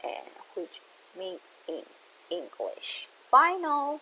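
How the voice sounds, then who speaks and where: A woman teaching language learners, talking slowly and carefully and stretching out her example sounds. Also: medium pitch, sharp tone, slight background noise, poor audio. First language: Mandarin. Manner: slow, careful, with rising exaggerated examples. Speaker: Mandarin teacher. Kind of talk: casual screen-share lesson.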